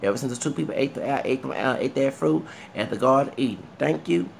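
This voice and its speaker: A Southern man with a gravelly, creaky voice rambles through a casual commentary rant, often asking the viewer if they follow him. A faint hiss of noise sits under his talk. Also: medium pitch, quick pace. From Texas. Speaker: vlogger.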